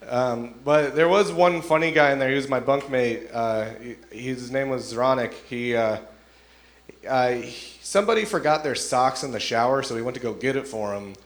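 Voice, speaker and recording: A young man performing a stand-up comedy set, telling stories in a relaxed way and acting out the voices of the people in them. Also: medium pitch. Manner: laid-back storytelling, acts out voices of people in his stories.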